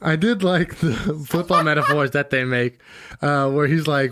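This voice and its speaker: A young man co-hosting a podcast, casually retelling scenes in an animated way. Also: a little high, normal speed, noisy background. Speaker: podcast co-host. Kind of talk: casual chat.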